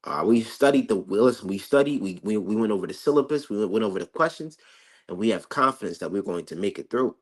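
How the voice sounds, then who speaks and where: A man's voice: on the low side, lively intonation, fast. A man giving an informal Bible commentary, emphatic and swearing freely, stumbling through repeated restarts. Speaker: street preacher.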